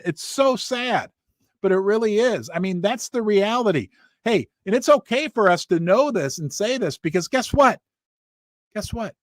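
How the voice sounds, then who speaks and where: A man's voice: high-pitched, no room sound. Emphatic man with a dry, close sound. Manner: emphatic, folksy, asides and rhetorical questions. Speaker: host of a finance commentary show. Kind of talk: casual commentary reading news aloud. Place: home studio.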